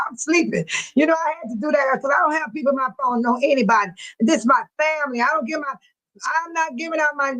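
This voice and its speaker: A woman's voice: high voice, rough recording. An older woman, a grandmother of seven, hosting a casual livestream, reading viewer comments and laughing often. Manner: laughs often, animated and teasing. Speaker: livestream host.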